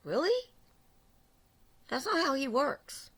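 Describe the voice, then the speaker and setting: A woman's voice: sits high, sing-song, takes it slowly, a bit bright. A middle-aged woman preaching an impassioned religious sermon, urgent and repetitive, building in intensity.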